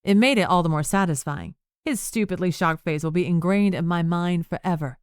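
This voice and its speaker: A woman's voice: lowish voice, a little fast, smooth, dry recording, natural voice. A woman narrator voicing a stern, dry-witted older woman telling a gossipy anecdote. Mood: wry.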